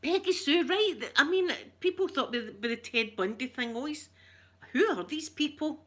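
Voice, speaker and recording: A woman's voice: sits high, lively intonation, normal speed, fairly bright tone. A middle-aged woman with a Scottish accent chatting casually with her live viewers, rambling, laughing often and greeting them by name. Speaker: ASMR livestreamer reading viewer comments.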